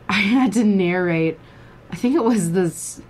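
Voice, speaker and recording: A woman chatting as a podcast guest about improv, self-deprecating and quick to laugh at her own stories. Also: medium pitch, darkish tone. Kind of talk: casual podcast chat.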